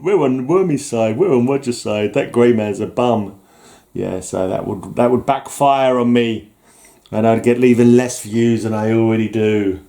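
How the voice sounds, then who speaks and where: Speaking in a warm, fairly low voice, a comic collector vlogger makes casual, rambling chat about his comics. He pokes fun at himself, puffing up with jokey mock-villain bluster.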